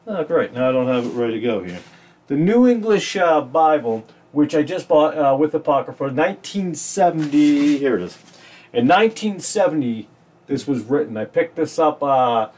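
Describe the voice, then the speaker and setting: A man hosting a casual podcast, comparing Bible verses with a sarcastic edge and reading scripture slowly with stress, in a small room. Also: a little high, darkish tone.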